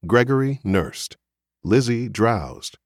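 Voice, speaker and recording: A man narrating a literary novel as an audiobook reader, in a measured, expressive storytelling manner. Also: medium pitch, dry recording, clean studio sound.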